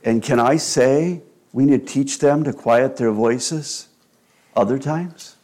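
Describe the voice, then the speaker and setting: Slow, earnest male preacher. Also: mid-range voice. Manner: slow, measured, earnest delivery with quiet asides. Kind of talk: sermon on child-rearing.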